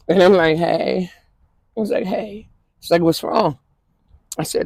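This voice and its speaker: A woman's voice: fairly low pitch, slow, pauses often, a little mellow, dry recording, poor audio. A woman from the Twin Cities in Minnesota, a guest in an interview, recounting a personal story in a loose, repetitive, conversational way. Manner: repetitive, conversational storytelling full of "you know what I'm saying". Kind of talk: emotional personal testimony.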